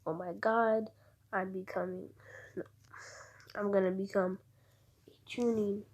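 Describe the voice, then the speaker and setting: An eager boy ninja from a cartoon, gushing over and over about how much he will win, voiced by a woman telling the story. The voice stays husky and slow, close to the storyteller's own. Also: medium pitch, steady tone, darkish tone, natural voice. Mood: excited. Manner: gushing, repeats himself.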